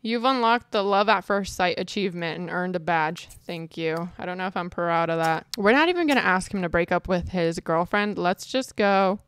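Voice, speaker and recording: A woman giving casual, excitable commentary over her own gameplay, chatting with viewers and reacting dramatically. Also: on the low side, normal speed, hardly any pauses, clean tone, dry recording. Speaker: gaming video creator.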